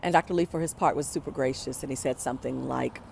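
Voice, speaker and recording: A woman telling a personal story to an audience, animated and reflective, acting out the voices of people she quotes. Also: very deep voice, fast talker, creaky, a little hiss or hum. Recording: pre-recorded for a virtual event.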